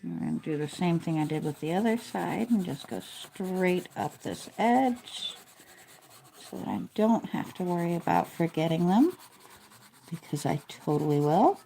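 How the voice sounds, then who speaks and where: A woman's voice: lowish voice, measured pace, vocal fry, slight background noise. A woman chatting casually and poking fun at herself as she narrates her coloring. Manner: relaxed, chatty, self-deprecating. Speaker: coloring video creator.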